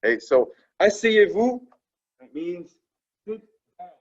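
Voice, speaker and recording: A man's voice: sits high, big pitch swings, takes it slowly. A man with a slightly raised voice teaches a class in a classroom, repeating phrases and drilling pronunciation. He keeps asking "right?" to check that students are following. The recording is dull and lo-fi. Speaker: French teacher. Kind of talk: classroom instruction.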